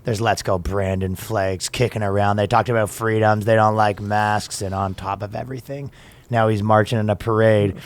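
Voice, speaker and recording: A man's voice: on the low side, level tone, moderate pace, dry recording. A man co-hosting a casual comedy podcast, riffing profanely and mocking people in put-on voices. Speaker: podcast co-host.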